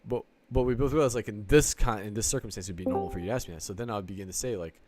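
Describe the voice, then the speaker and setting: Deep-voiced man rambling casually. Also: rapid-fire, a little mellow, faint music behind. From Sicily. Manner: rambling, circling, swears a lot, acts out both sides of a dialogue.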